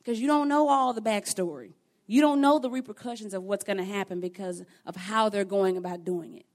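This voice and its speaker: A woman giving a devotional Bible teaching to other women, talking in an earnest, conversational and emotionally expressive way. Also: mid-range voice, brisk.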